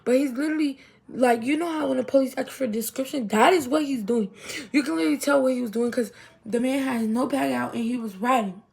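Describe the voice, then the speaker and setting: A young adult woman telling a storytime to her viewers in an animated, chatty way. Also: high voice, fast, gravelly, slightly rough. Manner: animated, chatty, heavy use of 'literally' and 'y'all'. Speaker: vlogger. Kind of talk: casual storytime.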